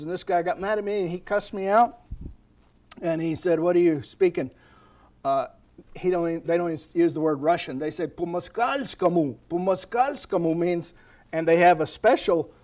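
High-voiced preacher telling folksy stories. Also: male voice. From America. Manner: storytelling, animated, folksy asides. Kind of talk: sermon. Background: congregation responding.

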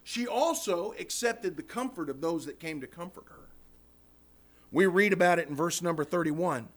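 Lively, high-voiced male preacher. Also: moderate pace. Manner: impassioned preaching, voicing prayers, addresses congregation as guys. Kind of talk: sermon. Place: church.

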